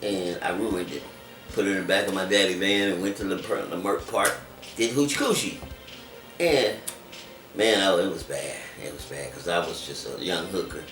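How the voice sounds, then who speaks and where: A man telling his life story in an interview, animated and acting out other people's voices as he talks. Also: deep voice, moderate pace. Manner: animated, acts out voices in quotes. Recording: echoey room, distant mic, music behind.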